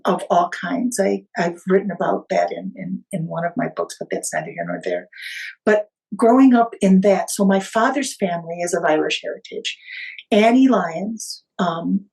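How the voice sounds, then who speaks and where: A woman guest on a podcast, telling a family story in an unhurried, vivid way. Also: lowish voice, lively intonation, gravelly, darkish tone, poor audio.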